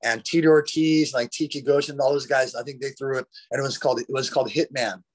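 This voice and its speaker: A fast-talking man with a medium-pitched voice and fairly even intonation tells stories as a guest in a podcast conversation. He's a retired fighter, and his casual storytelling is rambling, profane, and full of "bro" and "dude."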